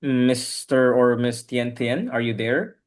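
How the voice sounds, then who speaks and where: A man's voice: mid-range voice, slow pace. A man teaching an online English class over a video call, patiently correcting his students' pronunciation word by word.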